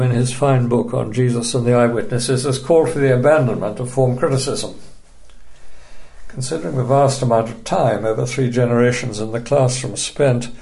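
A man teaching a recorded Bible study lecture, measured and emphatic, dryly dismissive of opposing views. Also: mid-range voice, creaky, dark tone.

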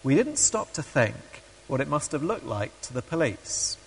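Male preacher, mid pitch, halting delivery full of ums, long hall reverb. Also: sing-song, creaky. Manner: hesitant with many ums, acts out quoted voices. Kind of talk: sermon with read-aloud story.

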